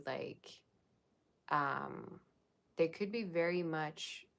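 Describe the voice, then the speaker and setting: A woman with a low voice talks her viewers through a tarot spread. She is chatty and casual, drops slang and fillers, and thinks out loud as she goes. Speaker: tarot reader.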